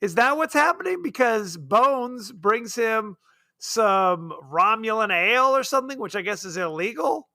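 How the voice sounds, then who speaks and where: A man with a high, bright voice recorded close and dry, co-hosting a casual podcast. He talks about a film in a sarcastic, joking way and laughs often. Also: expressive, a little slow, creaky, no room sound. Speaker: podcast co-host. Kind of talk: casual film review chat.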